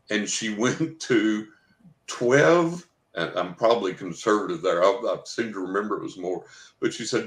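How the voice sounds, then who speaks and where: Low-voiced man in a roomy echo. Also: moderate pace. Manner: anecdotal, quotes others in dialogue. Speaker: psychic guest. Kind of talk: storytelling in a podcast interview.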